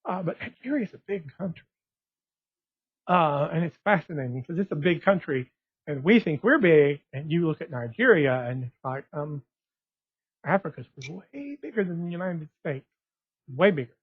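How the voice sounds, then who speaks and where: A man with a slightly high, husky voice rambles from one thought to the next, circling back and restarting as he goes. The recording is tinny and phone-like and sounds dry, with no room around him. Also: very animated, moderate pace, no echo. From West Texas. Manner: rambling, digressive, restarts often. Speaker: blogger. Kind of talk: casual monologue.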